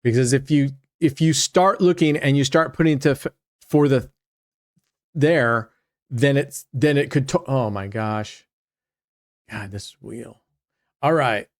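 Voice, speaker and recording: A man's voice: mid-range voice, takes it slowly, long pauses, no echo, studio quality. Chatty man narrating his roulette play. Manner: chatty, addresses viewers directly, trails off mid-sentence. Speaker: host. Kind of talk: casual commentary while playing roulette.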